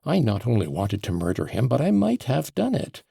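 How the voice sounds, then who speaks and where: Guy putting on an agitated accused man, jumping way up in pitch, raspy dark voice. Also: huge pitch swings, normal speed, no room sound, studio quality, exaggerated voice. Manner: heated, emphatic outbursts. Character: agitated accused young man, proud, passionate. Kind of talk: audiobook character voice.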